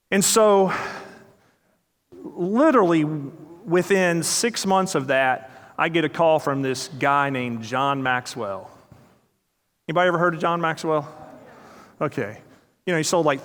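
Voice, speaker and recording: A man's voice: a little high, a bit bright. A man giving a motivational talk to a live audience, telling stories, acting out quoted dialogue and questioning the crowd. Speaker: speaker. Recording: long reverb of a large hall.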